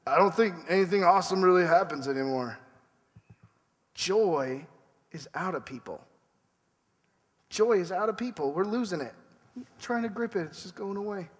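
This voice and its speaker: A man's voice: high voice, long reverb tail. A man preaching a sermon in a conversational way, acting out quoted people as he goes. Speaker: pastor.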